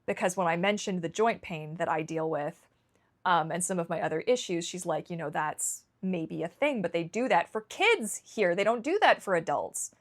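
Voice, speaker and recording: A woman's voice: fairly low pitch, moderate pace. A Canadian woman vlogging candidly, emotional and rambling, often restarting her sentences. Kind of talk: candid personal vlog.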